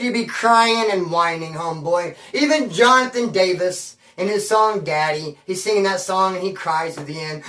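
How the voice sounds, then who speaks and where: A man telling a story in a rambling, slangy, animated way, recorded in a room at his home. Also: high voice. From Bakersfield area. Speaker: storyteller on his own channel. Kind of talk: casual storytelling. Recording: roomy, mic at a distance.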